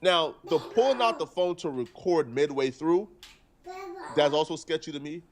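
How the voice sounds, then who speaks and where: A man streaming live, talking through a news story earnestly and point by point. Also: on the high side. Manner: earnest, deliberate, argues point by point.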